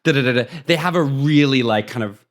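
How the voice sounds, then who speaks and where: A man co-hosting a podcast, casually retelling a movie plot in a rambling way and briefly acting out the characters' lines. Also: mid-range voice. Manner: rambling, acts out characters in quick snatches. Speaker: podcast co-host.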